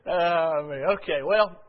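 An older man preaching a sermon as pastor, telling folksy stories and swinging from loud to quiet. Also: fairly high pitch. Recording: dull lo-fi sound.

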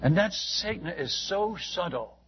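Husky older preacher man. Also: sits high, animated, unhurried, lo-fi sound. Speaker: missionary preacher. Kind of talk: sermon storytelling.

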